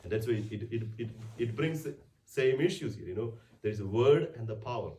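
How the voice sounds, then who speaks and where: With a mellow, low-leaning voice and lively intonation, a man preaches fairly quickly as a priest giving a conversational weekday homily. He often restarts and asks rhetorical questions. Recorded in church from a distant mic, the audio is roomy.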